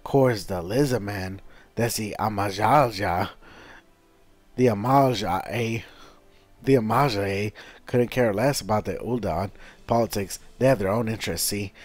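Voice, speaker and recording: A man voicing a chatty, folksy male traveling merchant with rough, rambling speech while reading game dialogue aloud. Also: lowish voice, moderate pace, long pauses, close to an everyday voice.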